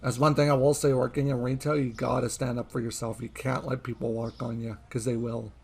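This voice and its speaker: A man's voice: mid-range voice, little pitch movement, brisk, gravelly, a little hiss or hum. A young man, chatting casually over gameplay and rambling through stories from his retail days. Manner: chatty, rambling anecdotes with frequent laughs. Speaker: gaming streamer. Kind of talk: casual gameplay commentary and storytelling.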